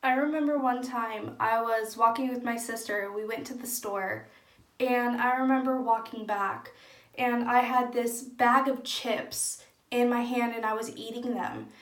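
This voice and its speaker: A woman's voice: on the high side, fairly even intonation, unhurried. A young woman talking openly and earnestly to camera in a personal vlog. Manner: earnest, open and soft-spoken. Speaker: vlogger. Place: echoey room at home. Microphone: camera in front of speaker. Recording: echoey room.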